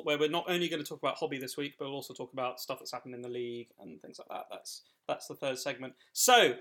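Excitable joking young man. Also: mid-range voice, fast talker, few pauses. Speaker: podcast co-host. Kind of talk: casual chat.

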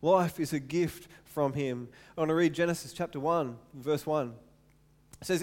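A man in his thirties preaching a sermon to his church, animated and repeating words for emphasis. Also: a little high, normal speed. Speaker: pastor. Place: church hall.

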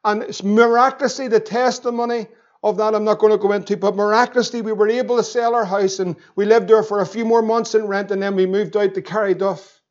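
A middle-aged man with a Northern Irish accent preaching a sermon with passion, his voice rising to shouts at its peaks. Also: sits high, fairly even intonation, brisk. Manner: impassioned, rising to shouts, acts out the devil's voice. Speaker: pastor. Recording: dull lo-fi sermon recording.

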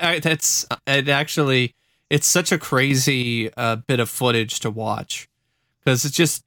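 A man's voice: mid-range voice, a bit bright, clear, resonant tone, no room sound, clean studio sound. A man talking in a casual chat, rambling with restarts. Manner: rambling, many fillers and restarts.

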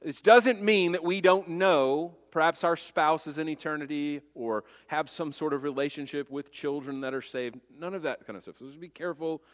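A man preaching from the pulpit, earnest and emphatic, often turning to his listeners with rhetorical questions. His voice sits a little high for a man. A long reverb trails each phrase, like a large sanctuary. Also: moderate pace, hardly any pauses. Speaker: pastor. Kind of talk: sermon.

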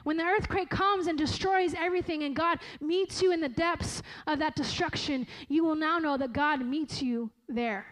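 A woman with a high, light voice preaches a sermon in an earnest and emphatic way. She leans into phrases slowly and often stops to correct herself mid-thought. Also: rough recording. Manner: earnest, slow and emphatic, with frequent self-corrections.

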